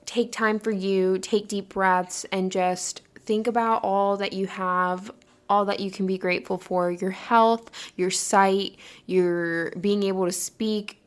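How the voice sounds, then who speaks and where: A woman's voice: medium pitch, clean tone. Earnest young woman podcast host. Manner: earnest, encouraging, loosely rambling. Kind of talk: casual motivational monologue.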